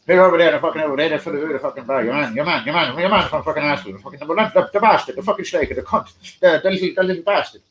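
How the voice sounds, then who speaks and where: A man voicing a loud, swearing Irish pub owner who shouts directions and keeps repeating himself. He speaks in an Irish accent. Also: on the high side, very fast, muffled recording, slight background noise, voice pushed up, lightly acted. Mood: excited.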